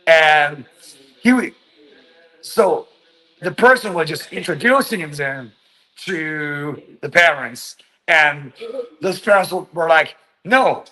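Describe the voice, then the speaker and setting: A man's voice: a little high, sharp tone, poor audio. A man from China speaking English as a second language in a casual vlog monologue, rambling, full of fillers and swearing. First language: Chinese. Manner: slow, rambling, swears a lot, many fillers. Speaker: vlogger.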